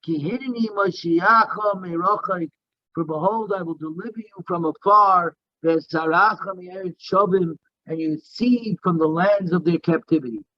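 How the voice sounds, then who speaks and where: A man's voice: high voice, moderate pace, no room sound, lo-fi sound. A man teaching a daily Talmud class, reading Aramaic text in a singsong and explaining it in English. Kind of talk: Talmud lesson, reading and translating.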